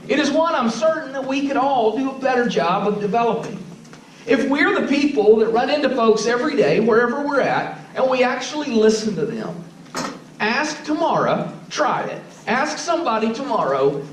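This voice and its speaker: Male preacher, very high voice, relaxed sermon, heard from a distance in a roomy church. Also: normal speed, a little hiss or hum. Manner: conversational, asks the audience questions. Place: church sanctuary.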